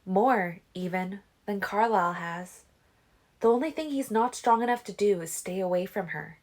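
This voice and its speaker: A woman's voice: medium pitch, normal speed, voice pushed up, natural voice. A woman reading a fan-made audiobook, voicing an insistent teen girl vampire seer in a raised, lilting voice.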